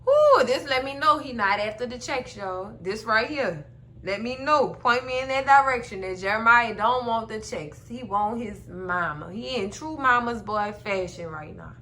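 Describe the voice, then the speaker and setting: A woman's voice: a little high, lively intonation, normal speed, bright, forceful tone. A woman hosting a casual TV episode recap, telling the story animatedly and acting out the characters' lines. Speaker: recap host.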